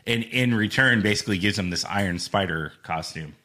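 Low, bright-toned man explaining comics. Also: brisk. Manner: explains comic storylines, laid-back and wry. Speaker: podcast co-host. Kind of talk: casual chat.

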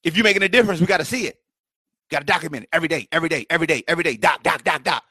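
A man's voice: on the high side, rapid-fire, pushed and bright, slightly rough, dry recording, studio quality. A man hosting his own podcast, delivering heated rhetorical commentary with lots of repetition and mocking questions. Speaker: podcast host. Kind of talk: impassioned solo commentary. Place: home setup, livestream.

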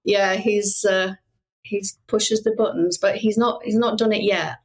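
A woman's voice: mid-range voice, fairly even intonation, a little slow, rough recording. A middle-aged British woman, a former detective, talking earnestly as a guest in a casual podcast interview and laughing easily. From Britain.

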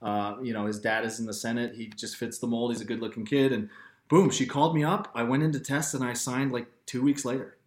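A man speaks as an interview guest, animated and quick to laugh as he tells his stories. His voice sits at an ordinary middle pitch for a man. The recording carries a noticeable roomy echo. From Canada. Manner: animated storyteller, laughs often. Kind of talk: casual interview storytelling.

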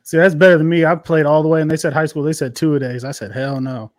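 Teasing sports-podcast co-host, dry close sound. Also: male voice, on the high side, steady tone, fast, dry recording. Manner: joking, teasing, swears freely. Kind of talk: casual sports chat.

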